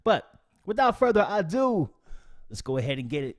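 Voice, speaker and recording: Upbeat male streamer, slightly high pitch, slangy and animated, casual tutorial host. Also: normal speed, pauses often. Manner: animated, slangy shout-outs to chat. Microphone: desk mic, no camera.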